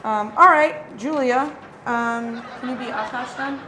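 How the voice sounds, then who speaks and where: Bright, high-voiced woman, giggly. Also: measured pace, some chatter behind, slight background noise. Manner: giggly, self-deprecating, rambling. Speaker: comedy contestant. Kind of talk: casual chat and sketch acting.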